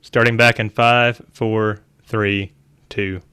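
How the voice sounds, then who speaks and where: Bright-voiced male podcast co-host. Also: fairly low pitch, slow pace, clean tone. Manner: relaxed, laughing, steers the show's running order. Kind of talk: casual podcast chat.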